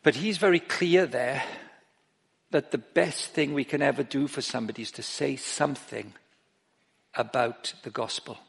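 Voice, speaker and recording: A middle-aged man preaching an informal sermon, breaking off and restarting his sentences and growing animated as he tells stories. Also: medium pitch, normal speed, creaky, husky. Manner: informal, self-interrupting, grows animated while telling stories. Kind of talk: sermon with anecdotes. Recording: long reverb of a large hall.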